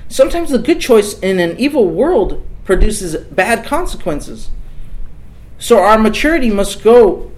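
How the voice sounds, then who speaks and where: Man, high voice, preaching a sermon, earnest and emphatic, repeats key phrases. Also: big pitch swings, a little slow, rough recording.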